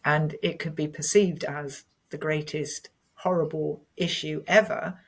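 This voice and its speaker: A woman's voice: low voice, a little slow, slightly rough. A woman in her fifties, a podcast guest telling a personal story in an earnest, candid way. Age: 50s. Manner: earnest and candid, animated when retelling.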